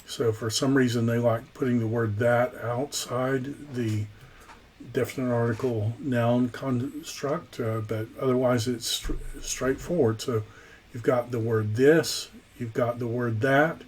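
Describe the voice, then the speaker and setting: A man teaching a Greek grammar lesson in a recorded lecture, halting often with ums and uhs. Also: mid-range voice, steady tone, a little mellow, a little hiss or hum.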